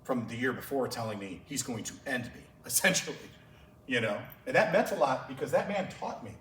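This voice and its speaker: A man who coaches track and field shares passionate, emotional stories with other coaches at a clinic held in a large conference room. His mid-range voice is lively, fairly bright, and a little fast, picked up from a distance in an echoey room with slight hiss or hum.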